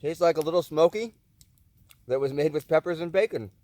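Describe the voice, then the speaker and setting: A man's voice: fairly high pitch, a little fast, a little mellow, no echo. A man vlogging at a winter backcountry camp, chatting casually and relishing his camp food as he eats. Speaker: outdoor vlogger. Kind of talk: casual vlog chat while cooking and eating.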